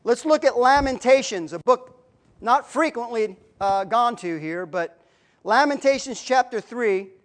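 A woman preaching a sermon in an earnest, emphatic way, swinging between loud declarations and quiet asides. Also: on the high side, expressive, unhurried. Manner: earnest, emphatic, rises and drops in volume.

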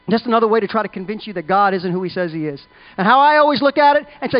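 A man's voice: high voice, animated, racing. A man preaching a sermon in an emphatic, conversational way. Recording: dull lo-fi recording.

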